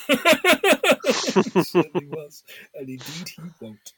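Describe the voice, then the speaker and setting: A high-pitched English man with a bright, forceful tone chats about a film. He laughs often and retells scenes in a dry, close recording. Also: huge pitch swings, takes it slowly, breathy edge, dry recording. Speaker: podcast co-host. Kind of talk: casual film chat.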